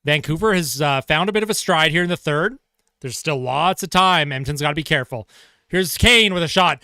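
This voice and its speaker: A man giving live play-by-play of a hockey game as a fan commentator, excitable and quick to shout. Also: a little high, clear, resonant tone, no echo, studio quality. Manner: excitable, shouts on goals, laughs at himself.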